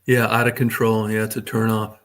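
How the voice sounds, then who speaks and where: A man's voice: lowish voice, completely flat delivery, fairly quick, a bit bright. Middle-aged male streamer, crude and rambling, swears freely, addresses his chat. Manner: talks to chat viewers by name. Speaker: livestream host. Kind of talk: casual livestream chat.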